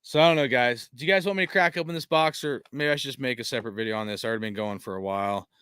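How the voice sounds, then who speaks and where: A man's voice: medium pitch, rapid-fire, a bit bright, clean tone, no room sound, studio quality. A man hosting a fan stream, venting in a frustrated, profane rant full of fillers while reading chat, tired after a long day. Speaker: fan channel host.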